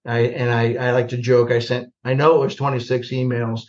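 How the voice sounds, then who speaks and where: An older man, a retired army general, telling stories as a podcast guest, animated and self-deprecating, acting out the dialogue. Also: mid-range voice, fairly quick. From United States. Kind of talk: storytelling in a podcast interview. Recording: slightly dull lo-fi podcast audio.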